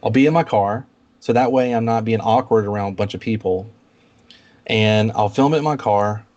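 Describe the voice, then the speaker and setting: A man's voice: fairly low pitch, normal speed, a little mellow. Chatty man with a dull lo-fi sound. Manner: chatty storytelling, laughs often. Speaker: guest YouTuber. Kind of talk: casual live-stream chat. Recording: dull lo-fi stream audio.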